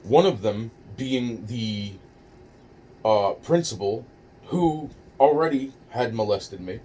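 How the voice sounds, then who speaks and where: A man's voice: mid-range voice, animated, slow pace, dark tone. A man casually telling a personal story, rambling and profane, with many restarts and fillers. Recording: distant mic with faint noise.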